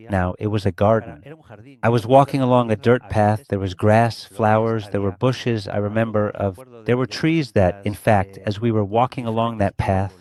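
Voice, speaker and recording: A middle-aged man from Spain tells a deeply personal story as an interview guest. His voice sits a little low, and he speaks in an earnest, reflective way with feeling. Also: a little mellow. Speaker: guest recounting a near-death experience.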